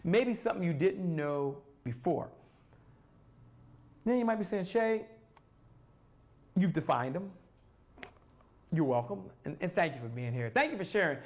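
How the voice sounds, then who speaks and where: High-voiced energetic male sales coach. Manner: energetic, repeats phrases, asks and answers own questions; pauses to sip water. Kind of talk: live-stream sales talk.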